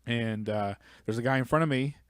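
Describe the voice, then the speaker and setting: A man's voice: medium pitch, brisk, fairly bright tone, clean tone, dry recording, clean studio sound. A man co-hosting a podcast, telling a story in casual chat and acting out the people in it. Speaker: podcast co-host.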